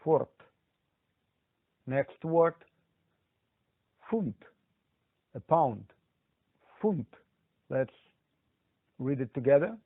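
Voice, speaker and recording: A man teaching a language lesson, saying each word slowly and then prompting the learner to repeat it. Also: mid-range voice, animated, dry recording. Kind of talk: slow-paced language lesson drills. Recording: dry, tinny phone-like sound.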